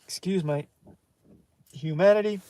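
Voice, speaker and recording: A man reads cocktail recipes aloud with a fairly high voice, tripping over the words and correcting himself as he goes. He slows down to sound out foreign terms between his ums. The recording is dry and close, with no room sound. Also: mellow, smooth, no room sound. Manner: reads recipes haltingly, with fillers and self-corrections. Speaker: comedy channel host. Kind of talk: casual reading of a cocktail book aloud.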